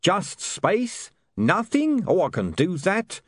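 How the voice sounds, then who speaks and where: A man's voice: high voice, wildly swooping pitch, slow pace, no echo, studio quality, voice pushed up, full character voice. A man voicing a shifty, wheedling street hawker in an audiobook.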